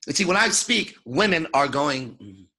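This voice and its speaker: A man's voice: a little high, expressive, normal speed, sharp tone. A man giving an unscripted lecture as a dating coach, talking in a swaggering, profane, emphatic way.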